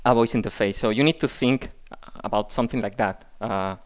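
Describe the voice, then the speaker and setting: Male tech speaker, clear resonant voice, hesitant delivery. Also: on the low side. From Spain. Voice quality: halting, repeats words. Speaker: conference speaker. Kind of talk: tech conference talk.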